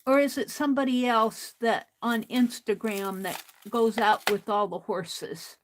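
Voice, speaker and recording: A woman's voice: a little high, steady tone, measured pace, a little hiss or hum, poor audio. An older woman hosting a crafting livestream, talking to herself as she works and chatting with viewers, laughing often. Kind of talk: casual crafting chat while reading viewer comments.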